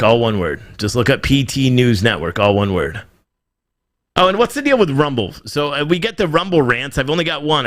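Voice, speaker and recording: An irritated man ranting on his own live show, his voice sitting at an ordinary middle pitch. He talks casually and with exasperation and swears freely as he gets worked up. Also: fairly bright tone. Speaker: livestream show host. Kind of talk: casual ranting livestream talk.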